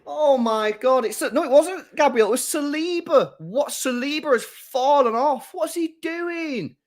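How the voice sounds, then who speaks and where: A young man hosting a live football watchalong, reacting to the match, talking to his chat and bursting into shouts and laughter. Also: very high-pitched, measured pace. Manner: excitable, bursts into shouts and laughter, chats to viewers.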